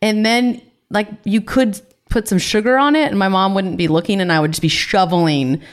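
A young woman co-hosting a podcast, chatting casually. She talks quickly and loosely, with plenty of filler words, in an easygoing conversational way. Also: mid-range voice. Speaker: podcast co-host. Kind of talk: casual chat.

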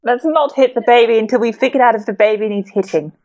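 A woman's voice: fairly high pitch, fast, a little mellow, dull audio. A woman player in a tabletop game, chatting casually and prone to fits of giggles. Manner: chatty, easily breaks into giggles. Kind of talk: casual tabletop play chat.

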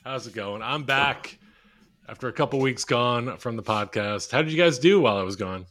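A man co-hosting a casual podcast, deadpan and joking. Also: medium pitch, moderate pace. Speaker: podcast co-host. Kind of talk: casual chat.

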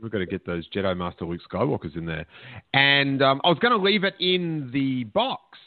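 A man's voice: medium pitch, animated, moderate pace, no room sound. Chatty man on a tinny line. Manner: chatty, joking, tells anecdotes. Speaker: podcast host. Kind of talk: casual chat. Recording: phone-like lo-fi line, dry.

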